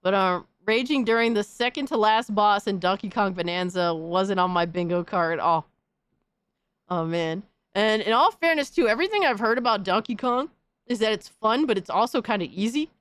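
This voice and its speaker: A woman hosting a stream, chatting casually and reacting with excitable, profane trash talk. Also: mid-range voice, moderate pace, clean tone, dry recording. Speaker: streamer host.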